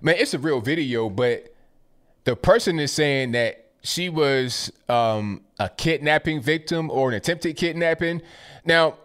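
A man giving casual, sarcastic commentary to his viewers, animated and mocking, often stammering and repeating words. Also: on the high side, a little slow. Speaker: political commentary streamer.

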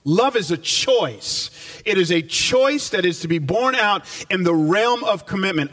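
A male pastor preaches to a congregation in a church, his fairly high voice rising and falling in wide, lively swings. He slows down and repeats key phrases for emphasis, and the sound is caught from some distance off the mic. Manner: animated preaching with slow emphatic repetition. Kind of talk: sermon. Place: church before a live congregation.

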